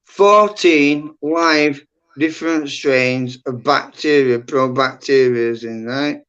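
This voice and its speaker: A man's voice: medium pitch, takes it slowly, fairly bright tone, clear, resonant tone. A middle-aged man, rambling bluntly and swearing a lot as a guest in casual livestream chat. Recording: dull lo-fi stream audio.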